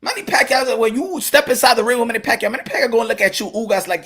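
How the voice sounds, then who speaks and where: A man with a New York accent hosting solo boxing commentary in an animated, profane, laughing casual style. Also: very high-pitched, racing, few pauses, husky.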